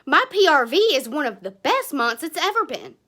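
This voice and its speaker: A woman's voice: high voice, very animated, normal speed, bright, forceful tone. A woman, giving a blunt, passionate motivational talk to her sales team. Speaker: direct sales team leader.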